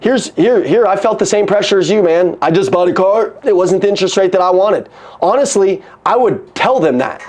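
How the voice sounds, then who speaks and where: Sales coach, male, high voice, energetic, swears, acts out dialogue. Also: fairly quick. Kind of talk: coaching talk on a call.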